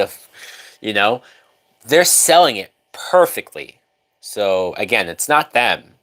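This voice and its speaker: A man's voice: on the low side, expressive, takes it slowly, pushed and bright. A man casually commenting on a film during a live stream, loose and profane, now and then reading out viewer comments. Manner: loose, profane, chatty, reads out chat. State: drunk.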